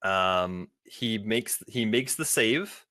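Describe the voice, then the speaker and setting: A man with a bright, forward voice narrates a tabletop game as game master, painting each moment of the fight in lively detail. The sound is dry and close to the mic. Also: on the low side, takes it slowly, no echo. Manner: lively, vivid scene narration.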